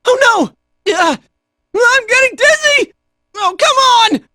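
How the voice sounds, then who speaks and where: A woman voicing a brash, cocky young fighter in a video game, shouting short battle cries and jokey taunts. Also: very high-pitched, sing-song, slow, dry recording, studio quality, heavily acted. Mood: hurt and cocky.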